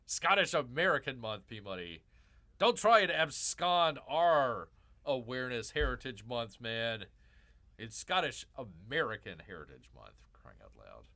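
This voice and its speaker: A man's voice: mid-range voice, big pitch swings, measured pace, pushed and bright. A man hosting a livestream in casual, joking commentary, rambling through asides, repeating himself and calling himself Bear. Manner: joking, calls himself Bear in third person. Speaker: livestream host.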